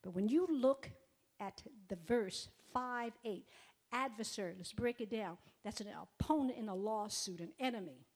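A woman's voice: fairly high pitch, normal speed, darkish tone. A woman preaching a sermon, emphatic and repetitive, sometimes dropping to a near whisper. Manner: emphatic, repeats phrases, drops to near whispers.

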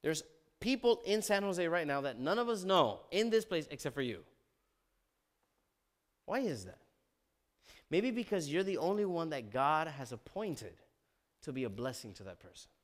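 Lively man preaching a sermon. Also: moderate pace, pauses often. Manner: animated, swings from loud emphasis to low asides, calls "amen?". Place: church sanctuary.

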